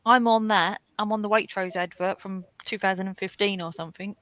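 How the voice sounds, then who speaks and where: A woman's voice: medium pitch, fairly even intonation, brisk, a bit bright, dry recording. A woman from the UK hosting a live colouring stream, chatting and laughing with guests over a video call. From United Kingdom. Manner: chatty, laughs often, tells stories. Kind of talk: casual chat on a video call.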